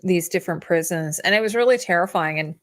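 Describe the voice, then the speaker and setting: A woman's voice: on the low side, fast talker, a bit bright. A woman co-hosting a casual livestream chat, talking in a chatty way and often trailing off mid-thought. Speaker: co-host.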